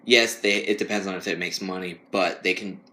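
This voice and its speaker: Low, bright-voiced young man, casual chat. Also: steady tone, brisk. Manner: rambling, laughs often, mocks whiny voices. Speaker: podcast co-host.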